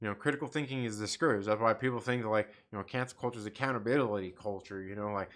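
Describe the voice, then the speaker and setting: A man's voice: fairly low pitch, rapid-fire, a bit bright. A man hosting a live stream, ranting casually and rambling with lots of fillers, frequent laughs and swearing. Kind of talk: casual opinion rant.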